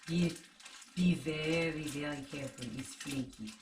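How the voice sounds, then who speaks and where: Woman, low-pitched, chatty and teasing, casual talk, echoey room, far from mic. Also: unhurried, noisy background. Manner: chatty and giggly, teasing her partner. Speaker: co-host of a snack tasting show. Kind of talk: casual chat while tasting snacks.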